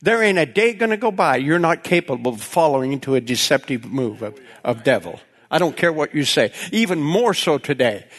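A man preaching, telling a folksy personal story with frequent laughter and animated retelling. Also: fairly high pitch, moderate pace, few pauses. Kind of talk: storytelling sermon.

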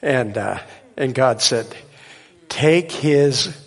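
A man preaching, telling a miracle story in an animated way and laughing at his own tale. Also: mid-range voice, very slow, gravelly, long reverb tail. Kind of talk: sermon testimony storytelling.

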